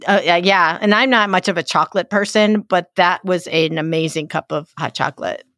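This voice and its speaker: A woman's voice: fairly low pitch, fairly quick, fairly bright tone, no echo, clean studio sound. Enthusiastic woman podcast co-host. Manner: enthusiastic, laughs often. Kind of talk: casual travel chat.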